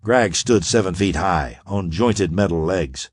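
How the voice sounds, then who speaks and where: A man narrating an adventure audiobook in an expressive reading style. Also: sits low, measured pace, slightly rough, no echo, clean studio sound. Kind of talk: scripted narration.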